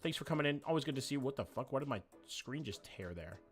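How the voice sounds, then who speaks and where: A man, chatting casually and quickly as he reacts to places live on stream and talks to his chat. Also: mid-range voice, animated, faint music behind. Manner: fast, casual, swears freely.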